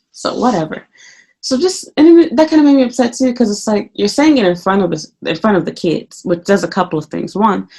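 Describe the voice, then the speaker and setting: Woman ranting about work on her vlog, fired up and cussing, kinda hoarse. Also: mid-range voice. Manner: heated, venting, profane. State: slightly hoarse. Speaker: teacher vlogger.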